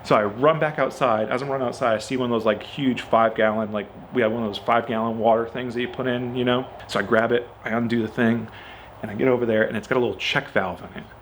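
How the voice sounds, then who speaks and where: A man's voice: mid-range voice, quick pace, slight background noise. A man telling a story about his car in a casual, chatty way, peppering it with "like" and "you know" and acting out what people said. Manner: animated, acts out quoted dialogue. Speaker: car owner.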